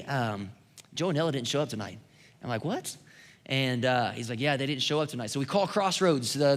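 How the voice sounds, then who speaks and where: A man preaching a sermon as pastor, telling a personal story in an animated way that builds to emphatic preaching. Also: medium pitch. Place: church sanctuary. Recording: long hall reverb.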